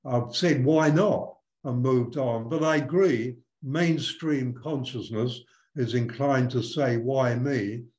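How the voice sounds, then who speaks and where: A man's voice: medium pitch, slow, darkish tone, echoey room, poor audio. An older man, a spiritual teacher, talking reflectively and telling stories in an interview, with frequent restarts. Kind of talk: conversational interview storytelling.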